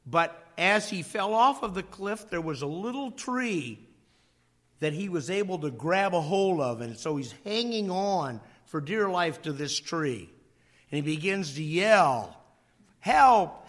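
A man preaching a sermon, slow and dramatic, dropping to a near whisper on key phrases and acting out voices in his stories. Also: fairly high pitch, a bit bright. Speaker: pastor.

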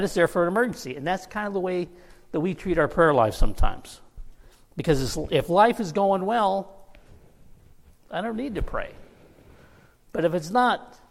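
A man preaching a sermon, telling a personal story with laughs and easy asides. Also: on the high side. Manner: storytelling, laughing through anecdotes. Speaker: pastor. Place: church sanctuary. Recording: long reverb of a church hall.

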